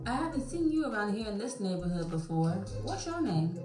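A woman voicing a lively questioning cartoon woman. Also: mid-range voice, fairly quick, natural voice. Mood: curious. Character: curious woman questioning a newcomer. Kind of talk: cartoon comedy voice acting. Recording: roomy clip with music behind.

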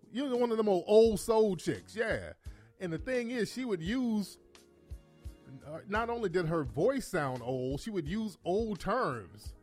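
A man in his forties hosting a call-in radio show, telling profane, animated stories and laughing often. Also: sits high, measured pace, soft background music. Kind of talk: comedic call-in radio talk.

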